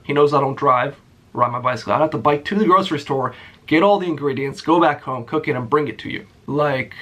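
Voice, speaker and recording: A man's voice: medium pitch, fairly quick, fairly bright tone. Blunt, profane young man ranting. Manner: sarcastic. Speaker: YouTuber. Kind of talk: storytime rant.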